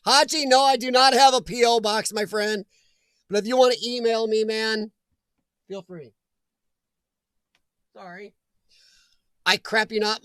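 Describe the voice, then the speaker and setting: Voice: medium pitch, a bit bright, no room sound, studio quality. A livestream host chatting casually from home, laughing often and greeting viewers by name.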